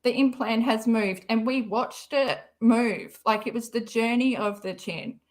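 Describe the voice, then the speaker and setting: A woman talks at an unhurried, drawn-out pace in a fairly high voice. She hosts a casual live stream, rambling and mocking with a sarcastic edge. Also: darkish tone. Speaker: live-stream commentary host.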